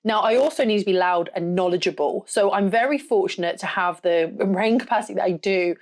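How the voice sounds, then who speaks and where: Blunt, loud woman with a southern English accent. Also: medium pitch, fairly quick. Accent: southern English, rural. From south of England. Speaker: podcast host and photographer. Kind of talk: casual solo podcast monologue.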